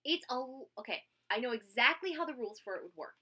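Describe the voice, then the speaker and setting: A woman's voice: on the high side, animated, fast talker, bright, forceful tone. A woman from Scotland with an American accent, hosting a podcast in a blunt, casual chat that is full of laughter. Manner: blunt, swears, laughs often. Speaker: podcast host.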